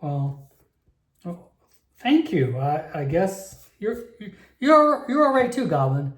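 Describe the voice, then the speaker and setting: A man's voice: high-pitched, very animated, takes it slowly, voice pushed up, exaggerated voice. A man voicing a jittery small male halfling gambler who stammers and fumbles his words in a roomy, echoey recording. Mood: flustered. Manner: stammering, flustered.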